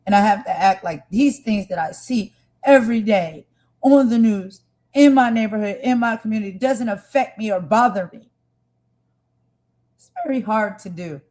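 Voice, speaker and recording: A woman's voice: mid-range voice, moderate pace, darkish tone. Impassioned woman hosting a livestream. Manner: earnest, impassioned, talks to viewers directly. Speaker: livestream host. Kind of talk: emotional livestream commentary.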